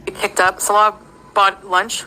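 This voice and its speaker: Woman, livestreamer, bright voice, rambling casual storytelling, filler-heavy, giggly. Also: mid-range voice, flat delivery, unhurried, slight background noise, rough recording.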